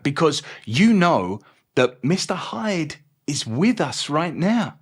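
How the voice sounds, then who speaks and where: A man with a softened Cockney accent talks through a book in a chatty, joking way. His pitch swings a lot as he goes, and he drops quick asides between points. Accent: mild Cockney. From England. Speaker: book reviewer. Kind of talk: casual video review.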